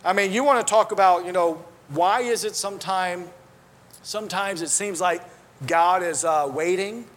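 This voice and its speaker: A man's voice: high-pitched, moderate pace, fairly bright tone. A man preaching a sermon, earnest and conversational, with restarts and asides, quoting scripture in old-style wording.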